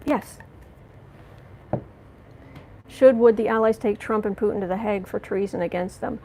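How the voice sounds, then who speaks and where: A woman hosting a live tarot stream, reading cards and answering chat, angry but trying to stay calm, halting with fillers and restarts. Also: medium pitch. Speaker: tarot reader and livestream host.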